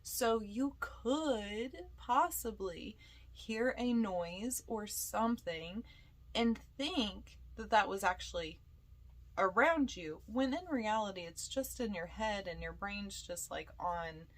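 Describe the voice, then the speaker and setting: Young woman rambling through a spooky story on her podcast, says like a lot, acts out the quotes, mid-pitch voice. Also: slow. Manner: chatty and animated, lots of fillers, acts out quoted lines. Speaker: podcast host and paranormal investigator. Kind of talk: casual storytelling.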